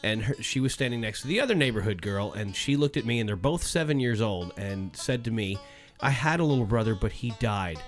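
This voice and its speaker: A man from Florida, a podcast regular, telling deadpan family anecdotes in a casual way. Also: lowish voice, brisk, faint music behind. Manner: deadpan anecdotes with put-on kid voices. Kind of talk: casual storytelling.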